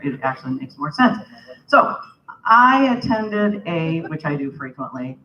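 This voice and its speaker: A woman's voice: low voice, sharp tone. A woman giving a humorous banquet speech, telling a story and acting out the other people's lines. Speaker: banquet speaker. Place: convention banquet hall. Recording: roomy, distant, slightly dull hall recording.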